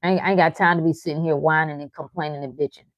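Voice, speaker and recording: Speaking very fast in a low-pitched, fairly even voice, this host reads comments from her livestream chat during a motivational talk. She's frank and profane, teasing listeners with short laughs, and there's no room sound.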